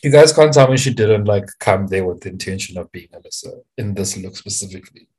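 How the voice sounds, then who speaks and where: Gossipy podcast cohost, husky voice, pitch jumps around, laughs a lot. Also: lively intonation, brisk, darkish tone. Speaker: podcast co-host. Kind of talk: casual chat.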